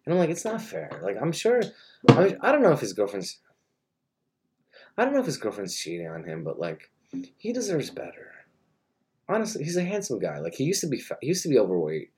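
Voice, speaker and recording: A man's voice: mid-range voice, wildly swooping pitch, brisk, long pauses, darkish tone, slightly rough. A young man giving a rambling, mock-earnest comedic monologue and interrupting himself often.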